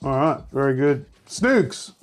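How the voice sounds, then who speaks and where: A man's voice: medium pitch, very animated, measured pace, faint music behind. A man hosting a casual film review podcast, teasing and arguing with his guests. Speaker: podcast host. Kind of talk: casual chat.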